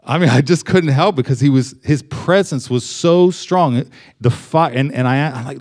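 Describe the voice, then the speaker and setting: A man's voice: medium pitch, measured pace, darkish tone. Casual-talking young man preaching. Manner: conversational, with many fillers and restarts. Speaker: pastor. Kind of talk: sermon.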